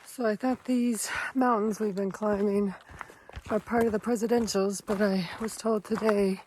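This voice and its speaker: A woman's voice: medium pitch, steady tone, normal speed, a little mellow, slight background noise. A woman hiker talking casually to her camera outdoors on a rocky trail, chatty and plainspoken, sighing between thoughts. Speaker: long-distance hiker vlogger. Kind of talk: casual vlog talk to camera.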